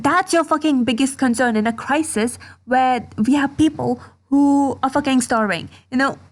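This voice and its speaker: Indignant swearing woman vlogger. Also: high-pitched. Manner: heated, indignant, heavy swearing. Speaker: commentary YouTuber. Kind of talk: ranting commentary vlog.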